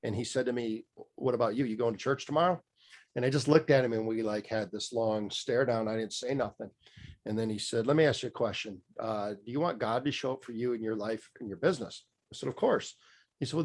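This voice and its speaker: A man's voice: mid-range voice, a little mellow. A middle-aged man telling his story as a podcast guest, candid and rambling, with many fillers and restarts. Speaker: podcast guest, mindset coach. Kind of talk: casual storytelling interview.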